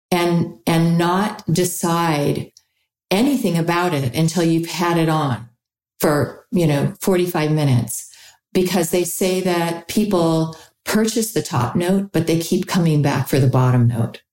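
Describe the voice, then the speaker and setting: A woman who founded a perfume brand, answering interview questions in a calm, measured, explanatory way. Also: on the low side. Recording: echoey room.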